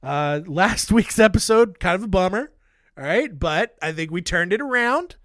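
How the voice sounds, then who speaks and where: A man's voice: high voice, expressive, moderate pace, a bit bright, no room sound, studio quality. A man hosting a podcast, recapping true-crime stories in a casual, blunt, jokey way. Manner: irreverent, blunt, jokey asides. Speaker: podcast host.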